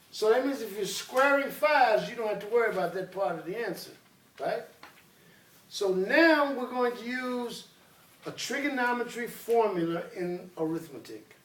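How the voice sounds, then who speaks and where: Man, a commanding classroom teacher with a high voice, recorded far off in an echoey room. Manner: commanding, drills students call-and-response.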